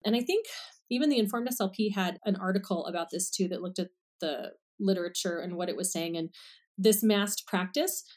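A woman talks through her clinical methods in a relaxed podcast chat. She walks through each point with everyday examples, in a friendly, easygoing way. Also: mid-range voice, brisk. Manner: friendly, explains step by step with examples. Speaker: speech-language pathologist guest. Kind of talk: casual explanatory podcast talk.

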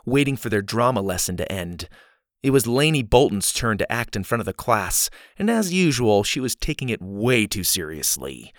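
A man narrating a children's story in an expressive, lively reading. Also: fairly low pitch, dry recording, studio quality.

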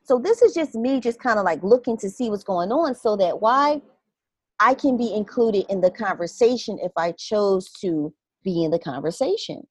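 Woman, mid-pitched, earnest and animated storyteller, close dry recording. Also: normal speed, husky, no room sound. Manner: animated, acts out her own inner reactions; earnest and reflective. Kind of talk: casual conversational storytelling.

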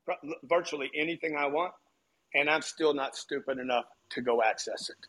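An angry man swearing and hammering the same points in a heated live audio room argument. His voice sits high and bright, and it comes through a Bluetooth headset. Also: moderate pace. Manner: angry, profane, repeats himself. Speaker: guest speaker. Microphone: phone headset over Bluetooth.

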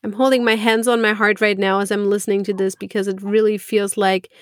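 A woman's voice: medium pitch, flat delivery, fairly quick. A woman with a mid-range voice hosts a podcast, appreciative and open in a casual chat. The sound is dry, with no room echo around her voice. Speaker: podcast host.

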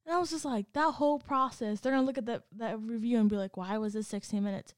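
Animated woman telling a story. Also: fairly high pitch, fast talker, no echo, studio quality. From Hispanic background. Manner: animated, acts out quoted dialogue. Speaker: podcast co-host. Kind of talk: casual chat, storytelling.

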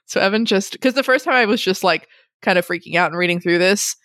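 A woman's voice: mid-range voice, fast, no echo, clean studio sound. Laughing, rambling young woman chatting. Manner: rambling, laughing often, animated retelling. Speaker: book podcast co-host. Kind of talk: casual chat.

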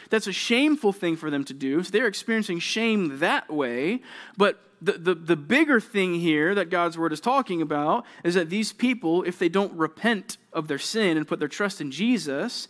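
Delivering a sermon to a junior high crowd, this young adult man works as a youth pastor and stays animated throughout. He keeps asking "right?" and "okay?" and frequently acts out the kids he's quoting.

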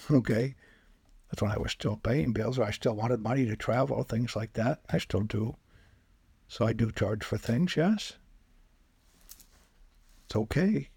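Man, husky voice, dry close sound, casual storytelling, playful quoted voices. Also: medium pitch, a little slow, pauses often, no room sound. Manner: animated anecdotes, acts out quoted voices, chuckles often. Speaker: spiritual healer guest.

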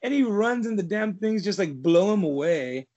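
A man with a fairly high voice co-hosts a movie podcast in loose, casual chat. His talk rambles, is full of "like", and he swears often. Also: animated, moderate pace, a little mellow. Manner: rambling, heavy filler "like", frequent swearing. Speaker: podcast co-host.

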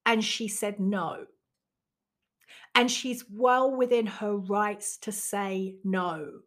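A woman's voice: medium pitch, steady tone, drawn-out words, a bit bright. A woman delivers a candid, reflective personal monologue in a mid-range voice. She speaks openly and swears casually, like someone who teaches others about handling emotions.

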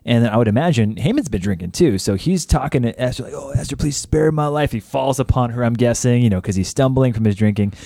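A man's voice: mid-range voice, lively intonation, fast talker, hardly any pauses, mellow, dry recording, clean studio sound. A man co-hosting a Bible podcast, chiming in with upbeat comments and quips. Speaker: podcast co-host. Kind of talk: casual Bible study chat.

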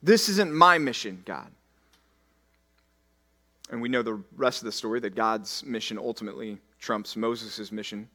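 A man pastor preaching a sermon, acting out scripture in the first person and swinging from loud declaiming to hushed, slow emphasis. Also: mid-range voice.

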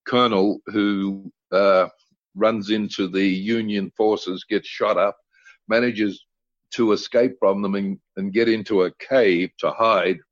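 An older man telling blunt, salty anecdotes as a podcast guest. His voice sits on the low side. The audio is dry and somewhat dull, like a lo-fi remote recording. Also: no room sound. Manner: blunt, colorful storyteller who swears freely. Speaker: guest actor.

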